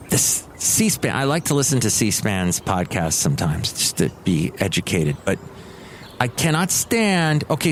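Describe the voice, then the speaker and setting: Rambling, excitable man hosting a podcast. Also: mid-range voice, a little hiss or hum. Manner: rambling, excitable, grumpy jokes. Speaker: podcast host. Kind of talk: casual solo podcast monologue.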